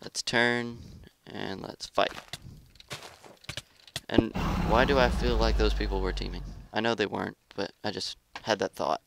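Gravelly low-voiced man doing gameplay commentary. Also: a little slow, background noise. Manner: excitable, trash-talks opponents and grumbles about lag. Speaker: gaming YouTuber.

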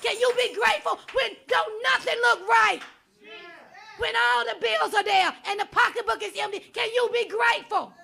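High-voiced, bright woman preacher. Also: normal speed, creaky, slight background noise. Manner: impassioned preaching, repeating rhetorical questions. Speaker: guest preacher. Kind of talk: sermon.

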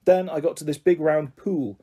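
A man narrating a children's book aloud in the first person, with lively, expressive storytelling. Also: on the high side, moderate pace, breathy edge.

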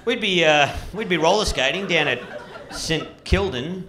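An Australian man doing stand-up on a club stage, telling absurd stories in a deadpan way with hesitant fillers. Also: a little high, measured pace. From rural New South Wales, Australia. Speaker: stand-up comedian. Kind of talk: stand-up comedy set. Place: comedy club stage with live audience. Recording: live club recording, noisy. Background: audience laughter.

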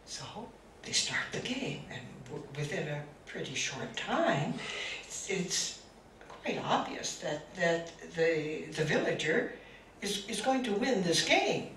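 A woman spiritual teacher telling a story to a group, speaking with halting restarts. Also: fairly low pitch, sing-song, fairly bright tone. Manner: slow, halting, with many restarts. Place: meeting room. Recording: roomy, distant mic, faint hiss.

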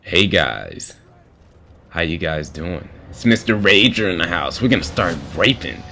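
A man voicing his own cocky, bullying alter ego, taunting in a low growl over gameplay. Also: sing-song, a little slow, vocal fry, bright, forceful tone, a little hiss or hum, full character voice. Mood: gloating. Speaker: video game commentator.

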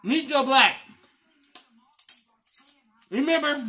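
A man's voice: very high-pitched, drawn-out words. A man vlogging while eating, chatting casually and telling stories with a lot of emotion. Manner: emotional, animated storytelling. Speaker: mukbang vlogger. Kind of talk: casual chat over a meal.

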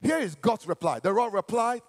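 Male preacher, very high gravelly voice, swings widely, shouts and half-sings through the sermon. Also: sing-song, moderate pace. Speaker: pastor.

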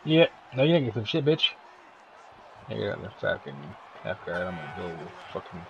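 A young gaming video host trash-talks the computer opponent in his fighting-game match, loud, profane and joking. His low-side voice swings widely in pitch at a moderate pace, with vocal fry. The lo-fi audio has a crowd in the background.

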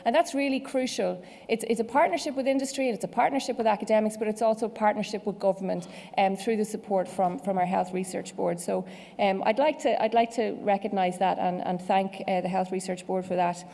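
Irish woman, conference host, mellow voice, long hall reverb, chatty with fillers and restarts. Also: medium pitch. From Ireland. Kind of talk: welcome speech.

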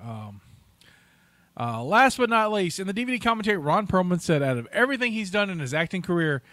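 A man's voice: high-pitched, very animated, brisk, fairly bright tone, dry recording. A man co-hosting a casual movie podcast, reading out trivia in a chatty way, restarting his sentences and laughing at his own asides.

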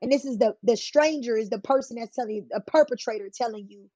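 A woman's voice: on the high side, fast, few pauses, dark tone, breathy edge, no echo, lo-fi sound. A woman guest telling her own life story in an interview, plain-spoken and emphatic, often acting out what others said. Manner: emphatic, plain-spoken, acts out quoted voices. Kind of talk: candid conversational storytelling.

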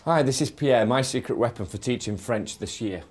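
A man's voice: medium pitch, moderate pace, background noise. A man, a primary school teacher talking to his class and a colleague in a chatty, self-deprecating way. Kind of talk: classroom talk and staff chat.

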